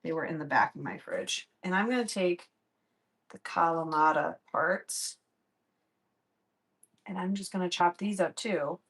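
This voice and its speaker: A young woman chatting casually as she cooks in her home kitchen, swearing freely and telling stories in a lively way. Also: fairly low pitch, measured pace, long pauses, poor audio. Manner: chatty, profane, animated storytelling. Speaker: vlogger. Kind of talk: casual cooking vlog chat.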